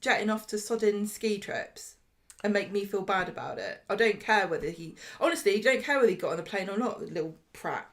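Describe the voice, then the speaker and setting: A woman's voice: mid-range voice, lively intonation, fairly quick, a bit bright. A woman co-hosting a casual chat about a TV soap, exasperated and sarcastic, often laughing. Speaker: podcast co-host.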